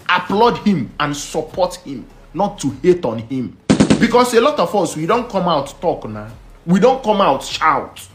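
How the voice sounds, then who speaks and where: A man's voice: fairly high pitch, slight background noise. A man making an earnest public appeal, slipping into pidgin. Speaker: online commentator.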